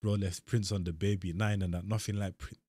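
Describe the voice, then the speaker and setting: A man's voice: low-pitched, fairly quick, breathy edge, dry recording. Slangy man reacting to music. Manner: slangy and animated, breaks out in surprise. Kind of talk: excited music reaction commentary.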